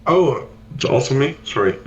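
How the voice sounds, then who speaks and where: A man's voice: medium pitch, expressive, moderate pace. A man playing in an online tabletop game, hesitant and stumbling over his words, on a dull call mic. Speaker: player.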